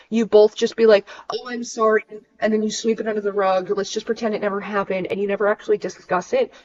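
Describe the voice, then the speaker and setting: A woman's voice: mid-range voice, a little mellow, lo-fi sound. A young woman, venting frankly and swearing freely on a casual livestream. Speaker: streamer.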